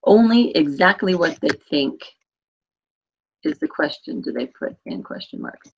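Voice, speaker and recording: A woman's voice: fairly low pitch, very animated, a little slow, vocal fry, breathy edge, lo-fi sound. A woman teaching a Spanish class online, patiently correcting her students by name. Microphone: computer mic on a video call.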